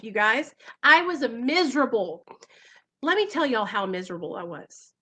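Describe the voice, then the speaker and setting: A woman speaks straight to her viewers from home, earnest and emotional as she hosts a recovery channel. Her voice sits a little high and rings bright and forceful. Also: big pitch swings, moderate pace, breathy edge. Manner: earnest, emotional, keeps addressing viewers directly. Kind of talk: livestream talk to viewers.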